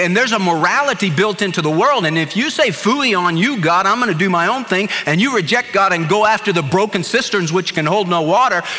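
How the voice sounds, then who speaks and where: Animated pastor preaching in a hall. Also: male voice, high-pitched. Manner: animated storytelling with acted-out quotes. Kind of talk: sermon. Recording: long hall reverb.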